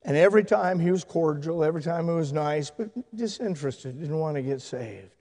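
A male pastor telling stories in a sermon, swinging from loud, excited shouting to hushed, tender speech. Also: fairly high pitch, fairly quick, big-room sound. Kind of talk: sermon storytelling. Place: church sanctuary.

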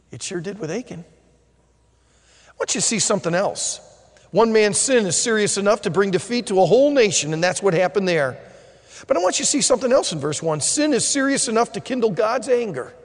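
Male pastor preaching, lively swinging delivery, drops quiet for emphasis. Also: a little high, big-room sound. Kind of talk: sermon.

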